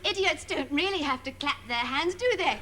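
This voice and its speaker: An actress playing a sing-song, condescending children's TV presenter with barbed asides. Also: female voice, high-pitched, animated, normal speed, very noisy. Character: sugary sarcastic woman kids' TV presenter.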